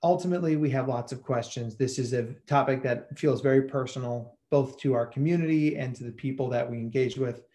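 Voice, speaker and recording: A man and psychologist giving a lively, chatty webinar presentation over a video call. He often repeats words as he thinks out loud. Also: mid-range voice, fairly quick, hardly any pauses.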